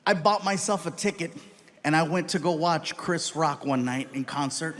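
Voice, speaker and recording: There's a little hiss or hum behind this middle-aged man doing live stand-up. His high voice moves fairly quickly through animated, exaggerated stories and punchlines.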